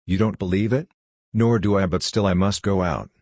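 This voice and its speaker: A man reading a literary novel aloud as a first-person monologue, in a measured, deliberate way. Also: low voice, fairly even intonation, a little mellow, no room sound, studio quality. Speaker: audiobook reader. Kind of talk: literary audiobook narration.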